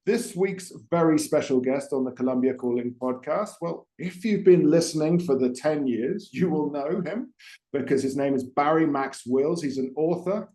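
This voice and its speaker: In a roomy, echoing recording, this male podcast host speaks at normal speed in a mellow, slightly high voice. His interview style wanders, with plenty of filler words and sentences begun over.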